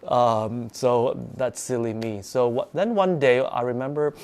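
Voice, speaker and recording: A man's voice: mid-range voice, unhurried, darkish tone, clean tone. A man hosting a live stream, telling his own ghost stories in a rambling way, full of restarts and sudden bursts of acting out.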